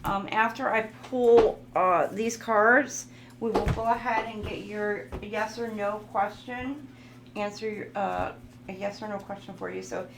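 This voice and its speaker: A woman with a gravelly, creaky voice gives a loose, joking tarot reading and reads card messages aloud. She sounds like she is in a roomy, echoing space, with faint noise and cards shuffling behind her. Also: medium pitch, steady tone, measured pace. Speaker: tarot reader.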